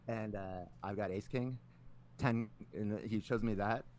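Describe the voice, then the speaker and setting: Male podcast co-host, lower voice, rambly and profane storyteller, slight background noise. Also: fairly even intonation, takes it slowly, darkish tone. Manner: rambling, heavy filler words, swears a lot. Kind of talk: casual storytelling chat.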